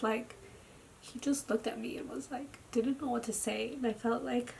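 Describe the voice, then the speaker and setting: A tired young woman speaking a personal video diary at home into her camera. She talks haltingly, with lots of "like," and often drops into a near whisper. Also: fairly high pitch, fairly even intonation, gravelly, a little hiss or hum. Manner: slow, halting, with frequent "like" fillers and soft, near-whispered stretches. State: tired and drained. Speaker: vlogger. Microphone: camera mic.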